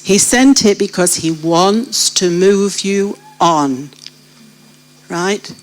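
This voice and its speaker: A woman's voice: mid-range voice, animated, a little slow, rough recording. A British woman telling her story of faith to a church gathering, putting questions straight to her listeners. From Britain. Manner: vivid storyteller who addresses the listeners directly with questions. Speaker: guest sharing her testimony. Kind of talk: testimony told to a church congregation.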